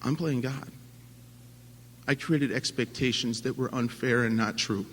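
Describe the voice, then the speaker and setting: Guy sharing his recovery story at a convention, halting, lots of restarts, gets loud then quiet, bright voice, long echo from a big hall. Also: mid-range voice, steady tone, slight background noise. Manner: earnest and halting, with many restarts; swings from quiet to loud, impassioned. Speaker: AA speaker. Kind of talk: personal recovery talk to an audience. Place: large conference hall at a convention. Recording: long hall reverb from a live talk.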